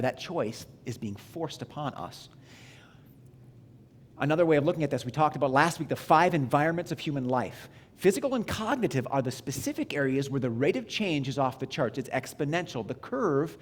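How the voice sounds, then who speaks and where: A man preaching a sermon as a pastor in a church, talking in a conversational, self-deprecating way with restarts and asides to the congregation. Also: fairly high pitch. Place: church sanctuary.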